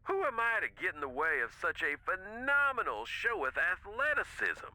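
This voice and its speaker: An actor voicing a wisecracking young husband with a Southern US accent, drawling and joking in folksy slang. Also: male voice, high-pitched, big pitch swings, moderate pace, bright, forceful tone, no echo, full character voice, low-quality recording. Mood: easygoing.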